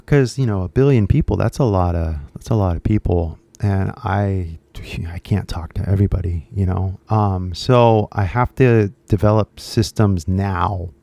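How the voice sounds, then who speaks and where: A man's voice: fairly low pitch, a little mellow, no room sound. A young American man, a YouTuber teaching English, talking in a loose, chatty way full of "like" and "right?". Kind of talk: casual rambling lesson to camera.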